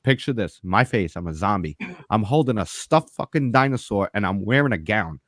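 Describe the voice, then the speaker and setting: A low-voiced man telling a long story in loose, profane chat. He jumps into the other characters' voices as he goes. The sound is dry and close. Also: animated, moderate pace, a bit bright, dry recording. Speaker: podcast regular telling his story. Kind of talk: casual storytelling.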